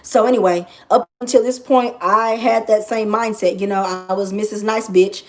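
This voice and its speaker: A woman's voice: medium pitch, fairly even intonation, moderate pace. A woman astrologer talking in a casual vlog monologue, brash and profane, and she repeats phrases for emphasis.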